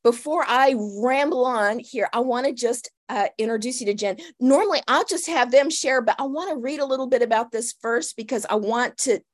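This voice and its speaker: A woman podcast host who introduces her guest in a gushing, excitable, rambling way. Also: on the high side, a little fast, hardly any pauses. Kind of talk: casual interview hosting.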